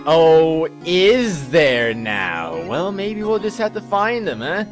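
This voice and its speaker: A man's voice: fairly high pitch, very animated, slow pace, soft background music, voice pushed up. A man voicing a worried young male defense lawyer in a video game, subdued and uncertain.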